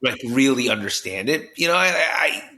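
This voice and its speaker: A man from New Jersey, a podcast guest, telling his story with high energy, lots of restarts and "you know"s. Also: expressive, moderate pace, pushed and bright. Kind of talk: animated storytelling in conversation. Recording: roomy echo.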